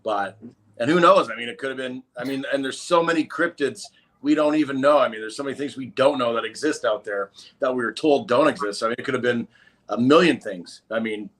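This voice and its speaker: A man interviewing a guest in a casual podcast, asking soft-spoken, measured questions. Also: medium pitch.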